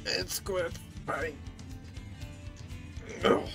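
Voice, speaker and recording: A man's voice: a little high, fairly even intonation, very slow, vocal fry, music in the background. A young man streaming a driving game, chatting in a rambling, apologetic, self-deprecating way. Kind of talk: casual chat while playing a driving game.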